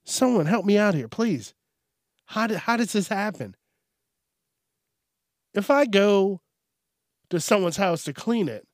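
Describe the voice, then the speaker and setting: A man's voice: fairly high pitch, dry recording, studio quality. A man casually riffing on news stories, laughing often, swearing, and rambling. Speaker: news commentary host. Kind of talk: casual comedic news commentary.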